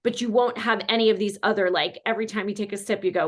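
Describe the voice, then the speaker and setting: A woman from North Carolina hosts an online wine class, talking casually and warmly to her patrons. She rambles a little, full of fillers and asides. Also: medium pitch, brisk. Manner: chatty, animated, many fillers. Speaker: host. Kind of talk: casual chat.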